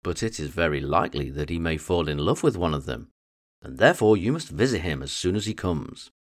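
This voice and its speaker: A man reading aloud voices an excitable middle-aged mother, raising his pitch and pushing eagerly. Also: a little fast. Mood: eager, insistent. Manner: eager, insistent, raised pitch.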